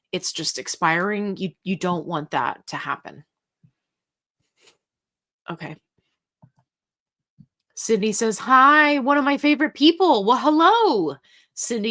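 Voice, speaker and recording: A woman hosts a casual livestream and answers viewer questions one after another. She reads their comments aloud and chats back in a relaxed, goofy way, sometimes playing with voices. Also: on the low side. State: getting tired. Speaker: host answering live chat questions.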